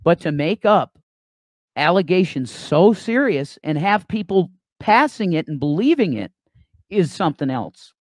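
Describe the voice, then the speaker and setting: A man's voice: fairly high pitch, sing-song, a little slow, dry recording, studio quality. A man co-hosting a live call-in stream, talking emphatically and punctuating points with repeated "okay?". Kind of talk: heated live stream talk.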